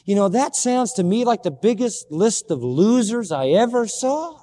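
A man's voice: high-pitched, expressive, normal speed, dark tone, long reverb tail. A man preaching a sermon emphatically, repeating key phrases and asking rhetorical questions.

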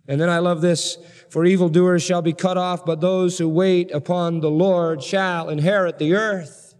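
A man preaching a sermon to a congregation, emphatic and building to excited peaks. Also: sits high, normal speed, smooth, in a large hall. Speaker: pastor.

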